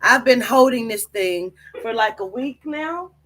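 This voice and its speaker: A woman vlogging, telling a comic story to camera in an animated, profane way, with bursts of laughter. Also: a little high, measured pace, a little hiss or hum. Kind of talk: casual comedic storytelling to camera.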